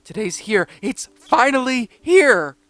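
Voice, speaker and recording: A man voicing an excitable young male kangaroo cartoon character, bubbly and eager. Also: high-pitched, no room sound. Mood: excited. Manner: eager, bubbly, talks in quick bursts.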